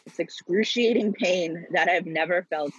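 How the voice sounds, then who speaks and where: A young woman telling a personal story in an animated, dramatic way, laughing often. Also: fairly low pitch, moderate pace, breathy edge, no room sound, dull audio. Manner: lively, laughing, dramatic retelling.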